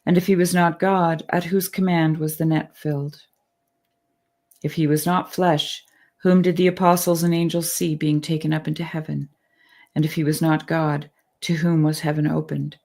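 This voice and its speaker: Woman host, lowish gravelly voice, earnest reader, relaxed and laughing in chat. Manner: earnest, quick to laugh, lively when excited. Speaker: podcast host. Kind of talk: reading aloud then casual discussion.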